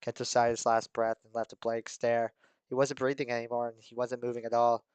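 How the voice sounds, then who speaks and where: Brief: male streamer narrating a game, clean dry close-mic, quick shocked asides. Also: mid-range voice, level tone, darkish tone, clear, resonant tone, dry recording. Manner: shocked, incredulous outbursts between narration. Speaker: YouTuber reading a game story aloud. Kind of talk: dramatic reading with reactions.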